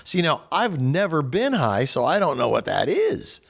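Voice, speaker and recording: A middle-aged man leading a faith group, telling a story from his own life as a lively retelling with quoted dialogue. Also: fairly high pitch, moderate pace, gravelly. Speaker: discussion leader at a faith group. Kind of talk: storytelling talk with a faith message.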